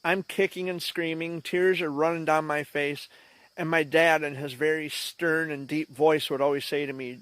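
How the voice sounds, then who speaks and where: A man with a somewhat high voice tells a memory in a relaxed, reflective way, as though chatting with the viewer. The sound is close and dry, with no room echo. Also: normal speed. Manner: reflective, conversational. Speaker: vlogger. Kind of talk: casual storytelling.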